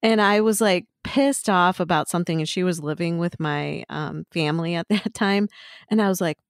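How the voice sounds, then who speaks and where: A middle-aged woman co-hosts a podcast, telling stories in casual chat full of "like" and restarts. Her smooth voice sits on the low side at normal speed, recorded with studio quality and no room sound.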